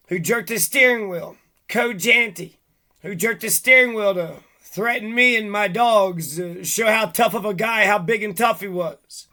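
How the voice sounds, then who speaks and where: High-pitched man in a profane rant. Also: bright, forceful tone. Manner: agitated, profane, rambling rant. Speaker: vlogger. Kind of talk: monologue to camera.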